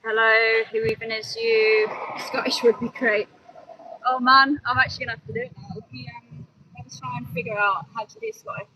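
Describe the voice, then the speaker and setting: A woman's voice: a little high, fairly even intonation, a little fast, lo-fi sound. A young woman with a Midlands accent, livestreaming outdoors by a road on her phone, chatting with viewers and preaching earnestly. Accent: English Midlands. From English Midlands. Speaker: animal rights activist livestreamer. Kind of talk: casual livestream chat. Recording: loud outdoor traffic noise.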